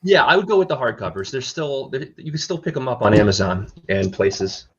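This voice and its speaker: A man explaining things on a casual livestream panel, with a halting manner. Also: medium pitch, animated, a bit bright, breathy edge, highs cut off.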